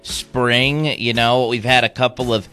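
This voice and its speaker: Bright, crisp male radio newsreader. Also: medium pitch, unhurried, soft background music. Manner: steady newsreader delivery. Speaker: radio news anchor. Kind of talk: radio newscast and on-air chat. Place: radio studio. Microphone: studio microphone.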